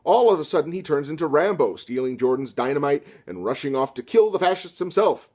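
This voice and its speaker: A man delivering a satirical scripted literature lecture with deadpan, sarcastic asides. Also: fairly high pitch, a little fast. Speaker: comedy lecturer.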